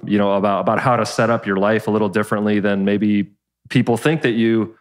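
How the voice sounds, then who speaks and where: A man's voice: fairly low pitch, steady tone, a little fast. A man hosting a podcast, asking his mother long, searching questions with many restarts. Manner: thoughtful, rambling questions with restarts. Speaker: podcast host. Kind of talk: interview questions.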